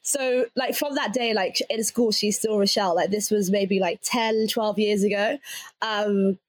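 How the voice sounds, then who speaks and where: A woman's voice: mid-range voice, steady tone, unhurried, no echo. A young adult woman with an English accent, talking casually as an interviewee, laughing often and leaning on fillers like "like".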